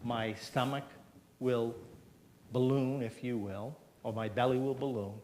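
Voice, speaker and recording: A man's voice: mid-range voice, steady tone, unhurried, a little mellow, a little hiss or hum. A man presenting at a health seminar, explaining a breathing technique step by step and checking in with the audience with a frequent "okay?". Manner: demonstrates breathing, coaxes audience to join. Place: church hall.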